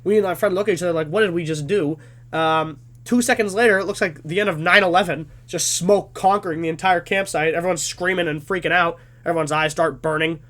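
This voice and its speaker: A man in his twenties telling a comedic story in an animated, self-deprecating way. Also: high-pitched, quick pace, hardly any pauses.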